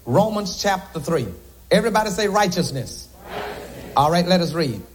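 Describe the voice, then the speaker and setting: A man's voice: high-pitched, animated, brisk, slight background noise. A man preaching a sermon to a congregation from the pulpit, with joking asides to the crowd. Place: church sanctuary.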